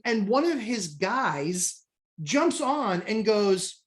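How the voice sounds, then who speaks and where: A woman telling a story with animated exasperation, an investor chatting on a podcast. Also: mid-range voice, slow. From New Hampshire, USA. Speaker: real estate investor, co-host. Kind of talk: casual podcast chat.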